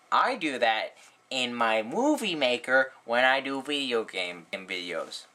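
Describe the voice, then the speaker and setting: A man giving a casual movie review, rambling and sarcastic, with lots of "like" and "um" fillers. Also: a little slow. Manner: rambling, full of "like" and "um", sarcastic asides; animated, frequent jumps in pitch.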